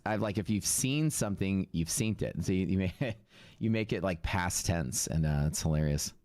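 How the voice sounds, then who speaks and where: Deep texan guy rambling on his trading stream, dry close mic, bit of music under it. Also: a little mellow, no room sound. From Texas. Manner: rambling, chatty, reads viewer comments aloud. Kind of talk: casual live-stream chat.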